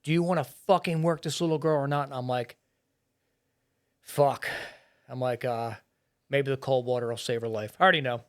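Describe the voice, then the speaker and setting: A middle-aged firefighter and police officer telling a painful rescue story in a podcast interview, blunt and full of swearing. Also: male voice, medium pitch, steady tone, normal speed, pauses often. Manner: blunt and profane, heavy swearing and filler words.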